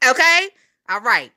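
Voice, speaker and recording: A woman's voice: high-pitched, pushed and bright. A woman in her twenties with a Southern US accent, chatting casually on a phone livestream, swearing and laughing often as she gossips. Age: 20s.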